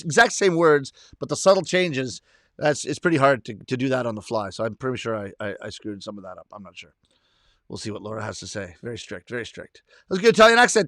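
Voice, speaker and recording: A man's voice: medium pitch, expressive, a little fast, a bit bright, no echo, clean studio sound. A middle-aged Canadian man hosting a casual livestream, reading viewer comments aloud with easy laughs. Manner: chatty, reads comments aloud, self-deprecating laughs. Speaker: livestream host reading chat. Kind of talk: casual chat.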